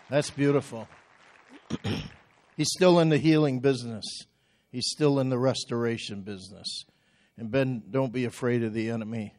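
A man's voice: medium pitch, a little mellow, dry recording, clean studio sound. A male pastor preaching a sermon emphatically, stressing single words and drawing out his phrases.

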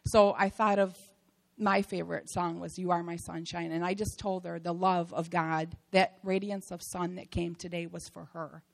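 A woman shares a church testimony about a mission trip, her voice sitting a little low with a gravelly fry. She talks in a heartfelt, rambling way, full of fillers and restarts. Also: little pitch movement, normal speed, rough recording.

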